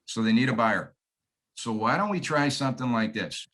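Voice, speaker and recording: A man's voice: medium pitch, animated, normal speed, a bit bright, poor audio. A man in his fifties from Michigan, with a Michigan accent, giving a folksy, emphatic sales training talk and checking in with "okay?". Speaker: real estate trainer.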